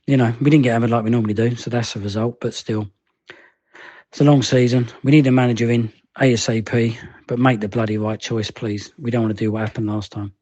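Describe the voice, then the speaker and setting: A man's voice: medium pitch, fairly even intonation, fast, a little mellow, no room sound, muffled recording. A man leaving a rambling voice message reviewing a football match, hesitant and resigned. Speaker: fan caller.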